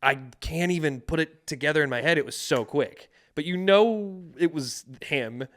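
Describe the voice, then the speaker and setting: A man's voice: on the high side, normal speed, a bit bright. A man co-hosting a podcast in casual chat, rambling and hesitant, swearing casually. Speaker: podcast co-host.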